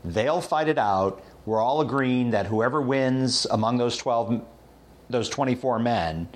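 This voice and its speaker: A Bible teacher leads a conversational Bible study, retelling a story in an animated way but with many hesitant fillers and restarts. He speaks at a measured pace in a medium-pitched voice.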